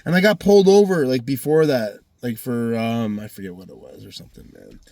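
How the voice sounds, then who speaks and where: A man's voice: mid-range voice, sing-song, fairly quick, darkish tone, no echo. Man, vlogger, swearing constantly, rambling heated monologue, dry close sound. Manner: profane, heated, rambling retelling. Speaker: vlogger telling a personal story. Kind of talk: casual storytelling monologue.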